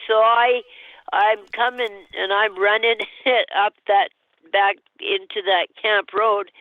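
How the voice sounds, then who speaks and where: A woman's voice: medium pitch, no echo. Woman on a tinny phone line. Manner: halting and rambling, with nervous laughs. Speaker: caller. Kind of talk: telling a personal story on a call-in show. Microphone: telephone.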